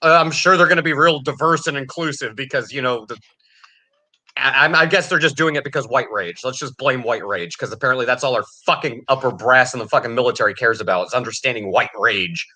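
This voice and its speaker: A man's voice: medium pitch, a little fast, sharp tone. A man ranting angrily and sarcastically about politics, swearing constantly. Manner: angry, profane, sarcastic ranting. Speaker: podcast co-host.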